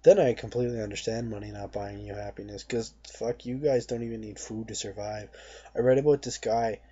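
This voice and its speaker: A man's voice: lowish voice, steady tone, a little fast, dark tone, slightly rough. A young man delivering a blunt, profane, mocking rant to camera as a vlogger. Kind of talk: ranting monologue to camera. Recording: dull lo-fi recording.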